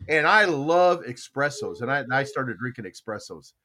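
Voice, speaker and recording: A man's voice: medium pitch, moderate pace. An older American man hosting a podcast, telling stories in a casual rambling chat and acting out dialogue. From United States. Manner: storytelling, animated, acts out dialogue. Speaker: podcast host.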